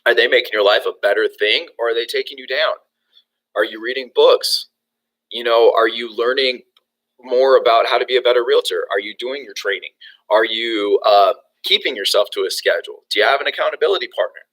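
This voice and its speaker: A young man coaching real estate agents in a lively motivational talk. His voice is bright and sharp, and he restarts sentences often with lots of ums and you-knows. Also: mid-range voice, fairly quick, rough recording. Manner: energetic, acts out phone calls, many fillers and restarts.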